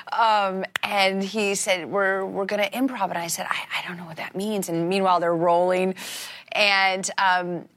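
An actress from Iowa in her forties, chatting as a talk-show guest and acting out lively anecdotes. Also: no echo. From Iowa, USA. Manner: animated storyteller, acts out quotes with rising pitch. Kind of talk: casual talk-show chat. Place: TV studio with live audience.

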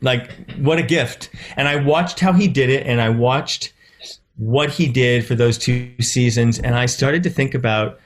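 A man's voice: mid-range voice, unhurried. A middle-aged man, an actor and producer, telling stories as an interview guest and acting out the people he quotes. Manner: animated, acts out quoted voices with laughs. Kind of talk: casual interview storytelling.

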